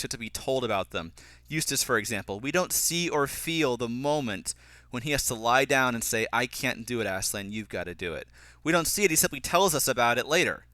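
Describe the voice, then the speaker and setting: A young man giving a casual, critical film commentary, animated and mocking characters' lines as he goes. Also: medium pitch, dry recording. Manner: animated, mocking voices when quoting characters. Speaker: film reviewer.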